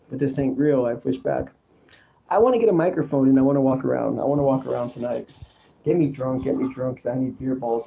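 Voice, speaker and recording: A man's voice: medium pitch, vocal fry, warm tone, highs cut off. A man hosting his own show in a rambling, repetitive, confessional monologue. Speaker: show host.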